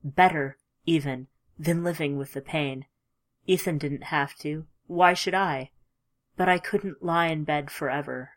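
A woman reading a first-person story aloud in a measured, emotive way, dropping at times to a hush. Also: sits low. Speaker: audiobook narrator. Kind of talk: scripted audiobook narration.

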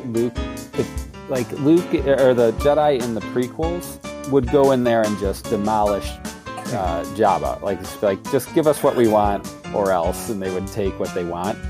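A man's voice: fairly low pitch, moderate pace, music in the background. A man as a podcast guest, talking casually and hesitantly with many fillers. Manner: hesitant, lots of "like" and "you know".

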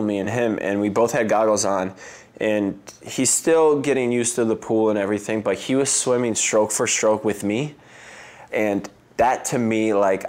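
A man's voice: fairly low pitch, darkish tone. A man in his thirties telling personal stories in a casual interview, full of "like" and "um" fillers.

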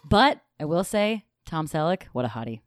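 A young woman co-hosting a podcast, chatting casually and animatedly with quick laughs. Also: low-pitched, very animated, no echo, clean studio sound. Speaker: podcast co-host. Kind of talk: casual chat.

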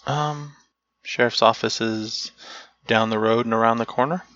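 A man narrating as game master of a tabletop game, unhurried and searching aloud for the right words. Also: mid-range voice, steady tone, fairly bright tone, muffled recording.

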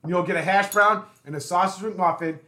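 A man's voice: sits high, fairly even intonation, brisk, sharp tone, reverberant. A man chatting casually on a podcast, running through items from a list.

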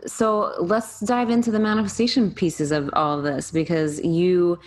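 Low-voiced woman interviewer. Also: fairly even intonation, moderate pace. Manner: encouraging, laughs often, brief affirmations. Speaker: interviewer, host. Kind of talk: casual interview chat.

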